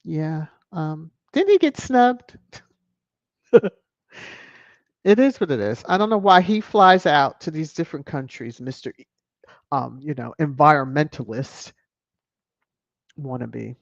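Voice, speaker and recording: A woman's voice: low-pitched, a little slow, long pauses, no room sound, dull audio. A woman hosting a casual livestream, reading viewer comments aloud with a playful, teasing manner and frequent chuckles. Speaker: livestream host.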